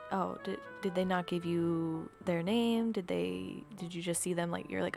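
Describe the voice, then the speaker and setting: A tired young woman chatting casually in a vlog, ranting in a dramatic, exaggerated way with low energy. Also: steady tone, normal speed, gravelly, hardly any pauses, over music. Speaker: video creator. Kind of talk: casual gaming vlog chat.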